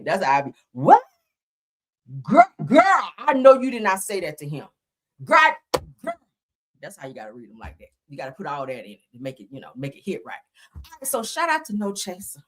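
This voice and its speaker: A woman's voice: deep voice, bright, forceful tone. A woman hosting a casual live-stream gossip commentary, talking in a dramatic, profane, chatty way.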